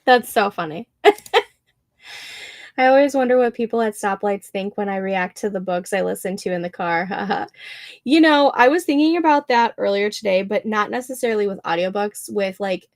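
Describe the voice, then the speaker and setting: A woman's voice: mid-range voice, normal speed. A young woman hosting a writing livestream, chatting casually and laughing often as she reads out comments from viewers. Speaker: livestream host.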